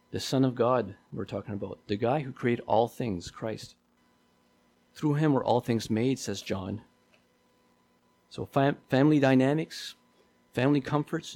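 A man's voice: medium pitch, creaky, a little mellow, breathy edge. A man preaching a sermon in a conversational way, often repeating himself and asking his listeners questions.

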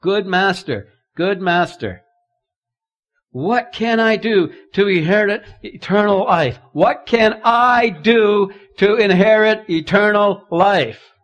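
An eager rich young man pleads in a raised, emphatic voice, put on by a man. He speaks slowly and presses each word. His pitch sits high. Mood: pleading.

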